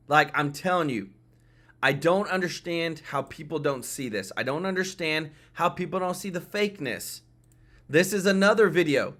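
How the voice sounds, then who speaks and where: A man's voice: a little high, moderate pace, a bit bright. A man hosting a political commentary show, talking emphatically and often repeating himself as he speaks to his viewers. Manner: emphatic, repetitive, addresses viewers and chat.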